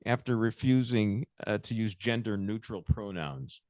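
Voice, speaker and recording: A man's voice: on the low side, unhurried, darkish tone, no echo, studio quality. An older man co-hosting a casual political chat show, sarcastic and joking. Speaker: co-host.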